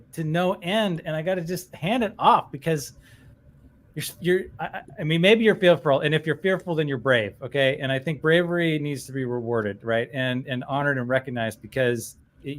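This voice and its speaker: Rambling, effusive male host. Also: a little high. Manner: rambling, effusive, many restarts. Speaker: show host. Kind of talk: casual livestream chat.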